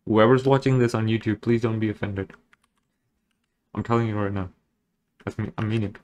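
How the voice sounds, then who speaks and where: A man's voice: fairly low pitch, fairly even intonation, moderate pace, a little mellow, a little hiss or hum. A man chatting casually as he draws digitally, rambling along with jokes and self-deprecating asides. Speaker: digital artist. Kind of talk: casual commentary while drawing.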